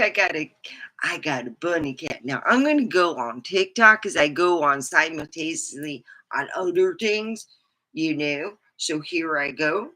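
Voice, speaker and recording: A middle-aged woman chatting on a casual livestream, rambling and animated, with sudden high whoops. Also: a little slow, low-quality recording. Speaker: livestreamer and comedy chat host.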